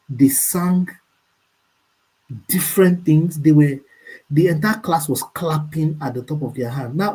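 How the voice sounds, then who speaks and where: Male motivational coach on a video call, mellow tone, emphatic delivery. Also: on the high side, husky, poor audio. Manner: preachy, emphatic, reads quotes slowly. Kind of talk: motivational talk on a group call.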